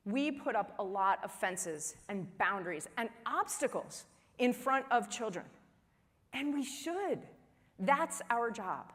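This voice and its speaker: A woman in her forties giving a humorous keynote speech at a conference, telling family stories in an animated way and acting out the dialogue. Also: fairly high pitch, slow pace. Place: large conference hall. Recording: long reverb of a large hall.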